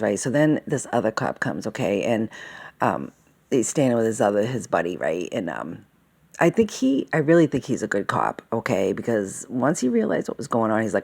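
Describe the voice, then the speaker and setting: A vlogger with a very deep, creaky, darkish voice and a breathy edge rambles agitatedly in a casual monologue, speaking a little fast and very animatedly. She swears often, uses fillers, interrupts herself, and keeps checking in with "okay?" and "all right?".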